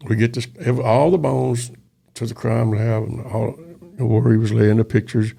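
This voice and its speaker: Gravelly older man. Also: mid-range voice, fairly even intonation, moderate pace, warm tone. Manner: folksy, acts out dialogue in quoted voices. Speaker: retired police officer storyteller. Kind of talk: casual storytelling interview.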